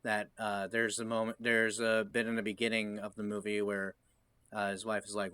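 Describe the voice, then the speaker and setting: Low-voiced man, dry close podcast mic. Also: moderate pace, smooth, dry recording. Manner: animated, quotes scenes in voices. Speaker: podcast co-host. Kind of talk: casual film discussion.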